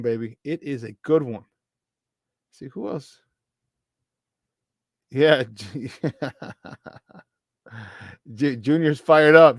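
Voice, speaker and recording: Man, sports talk host, high-pitched, hyped, dry close mic. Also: no echo. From Chicago area. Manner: hyped, shouting out listeners by name. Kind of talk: morning sports talk show.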